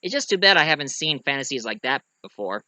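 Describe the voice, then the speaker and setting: Bright-voiced man rambling through a film review. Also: medium pitch, sing-song, fast, no room sound, rough recording. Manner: rambling, full of fillers and restarts, acts out quotes. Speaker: movie reviewer. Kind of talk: casual spoken movie review.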